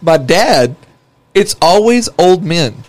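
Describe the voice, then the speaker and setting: A high-voiced man, co-hosting a podcast in casual chat. His pitch swings widely as he talks, and he laughs his way through his stories. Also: slow pace. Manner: giggly, lively storyteller.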